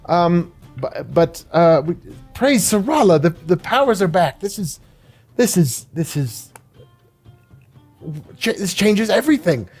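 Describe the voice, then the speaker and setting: A man voicing an earnest, worried mother in a tabletop game, talking in halting, rambling bursts. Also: high voice, sing-song, darkish tone, soft background music, voice pushed up, exaggerated voice. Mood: flustered. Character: worried mother mage, middle-aged woman, earnest.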